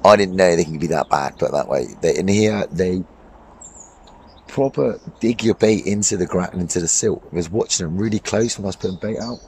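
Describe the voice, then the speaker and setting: A man with a hoarse voice from a cold, chatting casually and cheerfully into a handheld camera beside a small overgrown lake. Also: sits low, a little fast, darkish tone, slight background noise. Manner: upbeat, rambling, laughs often. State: hoarse, losing his voice from a cold. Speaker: fishing vlogger.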